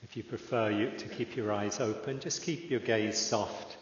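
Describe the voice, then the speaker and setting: A man leading a guided meditation in a slow, calm way with long pauses. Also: on the low side. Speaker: meditation teacher. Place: meditation hall. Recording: echoey hall, dull lo-fi sound.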